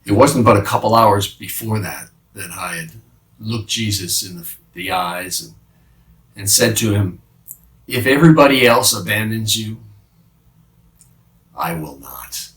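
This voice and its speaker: A man playing the apostle Peter as a remorseful fisherman, confessing haltingly in a dramatic monologue with many restarts. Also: lowish voice, fairly bright tone. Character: remorseful male fisherman apostle, middle-aged, haunted by guilt. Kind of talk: dramatic first-person monologue. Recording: roomy sound from a distant mic.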